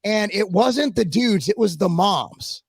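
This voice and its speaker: Podcast co-host, male, gravelly high voice, dry close sound, swears freely. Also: slow pace, dry recording. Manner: animated, profane, acts out quoted people. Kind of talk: casual storytelling chat.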